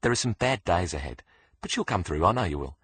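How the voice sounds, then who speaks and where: A man doing a gruff Australian doctor. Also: low voice, sing-song, fast, fairly bright tone, full character voice. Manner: blunt, casually threatening. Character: gruff male outback doctor in his forties, menacing.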